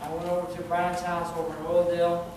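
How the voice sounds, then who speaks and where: A man's voice: sits high, monotone, fast talker. Male pastor, conversational sermon full of restarts; distant mic in a very echoey church. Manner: conversational preaching with frequent restarts and repeated words. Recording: very echoey hall, distant mic, background noise.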